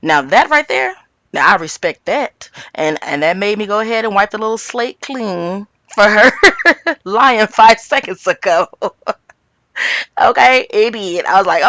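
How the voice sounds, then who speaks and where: A raspy-voiced woman talks through a reality TV episode with lively, swooping pitch, often jumping up high to mimic what others said. Her voice sits close and dry on the mic, with no room sound. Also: normal speed, dry recording. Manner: animated, quotes cast members in big pitch jumps. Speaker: reality TV recap host. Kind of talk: casual commentary.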